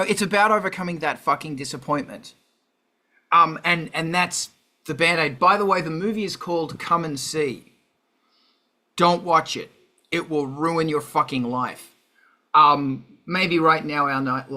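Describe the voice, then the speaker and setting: A man hosting a casual music chat, animated and profane, with jokey asides. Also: on the high side. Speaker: host. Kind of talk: casual chat on a video call.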